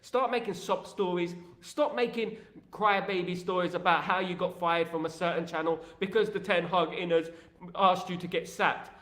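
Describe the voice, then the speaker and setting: A man with a high, bright voice hosts a live stream, talking in a lively, opinionated way and repeating himself often. He sounds roomy, with a clear echo around him. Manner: animated, repetitive and opinionated. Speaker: host of a fan live stream.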